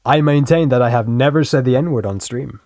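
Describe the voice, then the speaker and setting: A man's voice: medium pitch, brisk, darkish tone, no room sound, clean studio sound. A young man casually rambling and swearing while commenting on videos as a streamer. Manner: rambling, swears freely, self-deprecating.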